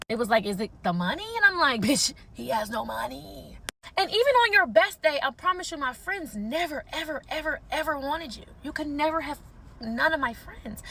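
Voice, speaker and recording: A woman's voice: sits high, pushed and bright. A woman heatedly calling someone out to camera, sassy and cursing, mocking him as she goes. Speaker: social media creator in a feud.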